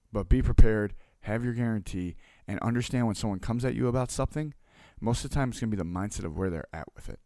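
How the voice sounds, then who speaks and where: A man with a low, gravelly voice tells a story about his food truck, candid and salty with the odd curse. He plays out both sides of a run-in, speaking very close to a dry-sounding mic. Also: a little mellow, dry recording. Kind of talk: casual storytelling.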